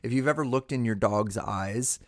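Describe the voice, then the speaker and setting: A man hosting a casual podcast chat, animated and teasing, his voice jumping up when he laughs. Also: mid-range voice, moderate pace. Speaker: podcast host.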